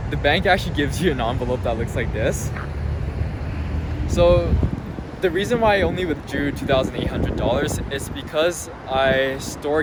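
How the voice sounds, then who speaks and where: A young man chats to camera about something that happened to him, speaking at an ordinary middle pitch and leaning on filler words. He is filming outdoors beside a city street. Traffic noise runs clearly under his voice. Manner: chatty, frequent filler words. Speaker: vlogger. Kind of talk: casual storytelling to camera. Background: passing cars.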